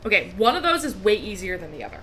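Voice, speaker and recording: A woman's voice: medium pitch, big pitch swings, fast, a bit bright, soft background music. Woman narrating as game master. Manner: patient rule explanations, vivid scene narration.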